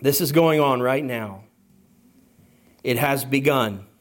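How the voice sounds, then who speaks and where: A man preaching a sermon to his church, slow and emphatic, with deliberate pauses between phrases. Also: medium pitch. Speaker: pastor.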